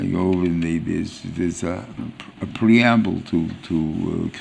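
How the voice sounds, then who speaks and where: A man giving an informal Torah lecture as a rabbi, halting and restarting as he searches for words. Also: low-pitched, gravelly, a little mellow, a little hiss or hum. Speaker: rabbi teaching a weekly Torah class.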